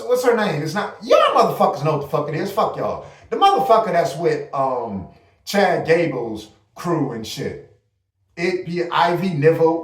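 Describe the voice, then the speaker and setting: A man's voice: fairly high pitch, far from the mic. A man hosting a casual wrestling recap livestream, ranting loosely with plenty of profanity. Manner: loose, profane, animated rants. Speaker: host. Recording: echoey room, voice off mic.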